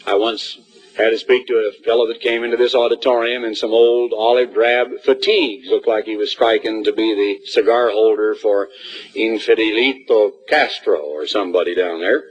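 A man's voice: fairly low pitch, fairly even intonation, moderate pace, slightly rough, muffled recording. A man speaking to new college students in an auditorium, giving a folksy assembly address and acting out little scenes.

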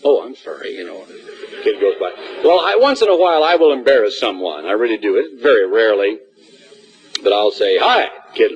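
A man's voice: on the low side, very animated, a little fast, lo-fi sound. A man speaking to new college students in an auditorium, giving a folksy assembly address and acting out little scenes.

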